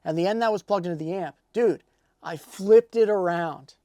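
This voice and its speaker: A man's voice: high voice, racing, mellow, dry recording, close to an everyday voice. A man mimicking a stubborn, fussy young guitarist. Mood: insistent.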